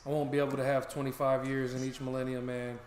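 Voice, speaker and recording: A man's voice: medium pitch, completely flat delivery, quick pace, a little hiss or hum. A young American man chatting casually and jokingly with viewers on a live stream, swearing freely as he goes. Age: young adult. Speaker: stream co-host. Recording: roomy echo.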